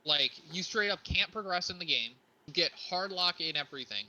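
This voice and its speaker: High, bright-voiced man chatting games. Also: brisk, poor audio. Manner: excitable, swears casually. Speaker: podcast co-host. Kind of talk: casual gaming chat.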